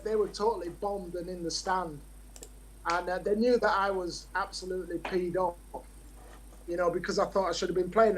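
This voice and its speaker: A man in his fifties, a former footballer, talking as a podcast guest and telling relaxed stories full of fillers and restarts. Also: high voice, slight background noise, rough recording. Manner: relaxed anecdotal storytelling with many fillers. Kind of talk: podcast interview.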